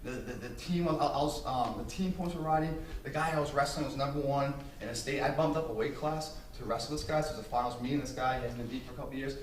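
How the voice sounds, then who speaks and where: A man's voice: mid-range voice, fast talker, few pauses. A man giving an emphatic, intense motivational speech to business students, swearing freely. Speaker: motivational speaker. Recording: echoey hall, distant mic, faint ambience.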